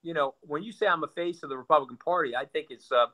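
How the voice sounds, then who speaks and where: A man's voice: on the high side, fast, bright, forceful tone. A male guest talking politics bluntly and sarcastically, often repeating words as he builds a point. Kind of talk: animated political talk.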